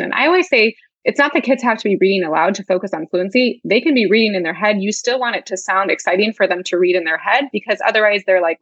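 A woman's voice: lowish voice, fast, hardly any pauses, a bit bright, no room sound. A woman guest explaining teaching ideas in a chatty way, with lots of filler "like"s. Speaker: guest literacy educator. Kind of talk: casual conversational interview. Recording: dull lo-fi dry sound.

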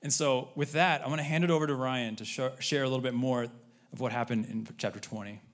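A man's voice: medium pitch, fairly even intonation, fast. A man speaking as a pastor in an earnest, conversational sermon.

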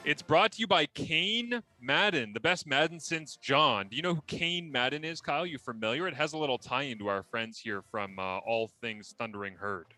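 Bright-voiced male sports talk host. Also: mid-range voice, soft background music, poor audio. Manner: chatty, quick to laugh and tell stories. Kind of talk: casual sports chat.

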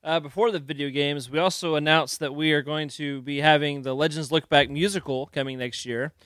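A man's voice: a little high, steady tone, fairly quick, fairly bright tone, clean tone, no room sound. A man co-hosting a casual podcast, easygoing and joking as he chats. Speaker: podcast co-host. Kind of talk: casual chat.

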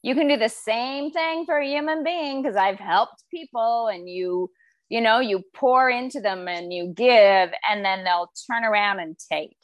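A woman's voice: a little high, measured pace, no room sound, lo-fi sound. A woman, a podcast guest and former police officer, talking casually and acting out the voices of the people in her stories. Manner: animated storyteller, acts out quoted voices. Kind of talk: casual conversation.

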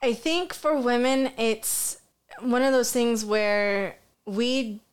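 A woman's voice: a little high, slow pace, clean tone. A woman and mother co-hosting a podcast, chatting casually and telling stories frankly with frequent swearing. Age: adult parent. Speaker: podcast co-host. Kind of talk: casual chat.

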